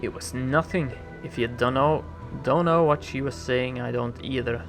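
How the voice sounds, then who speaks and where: A man reading the lines of a prickly young tiefling woman in a role-playing game, speaking them louder and with blunt, folksy phrasing. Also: mid-range voice, normal speed, close to an everyday voice. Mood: dismissive. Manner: blunt, folksy talk with a dropped "ya". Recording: game music playing behind.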